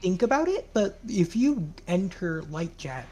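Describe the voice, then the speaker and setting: A man's voice: sits high, big pitch swings, a little slow, darkish tone. A man in a casual stream discussion, rambling and argumentative, restarting his sentences as he makes his point. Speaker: co-host in a game modding discussion.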